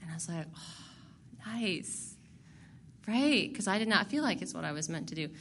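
A woman's voice: lowish voice, expressive, fast, slight background noise. A woman candidly sharing her recovery story to a group, blunt and profane and laughing at herself. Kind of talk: candid personal testimony.

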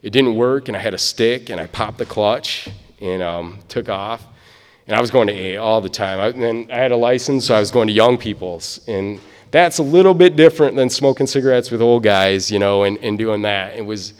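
A man's voice: lowish voice, brisk, clean tone. Man from Michigan, recovery speaker, rambling and filler-heavy, echoey hall recording. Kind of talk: personal testimony storytelling.

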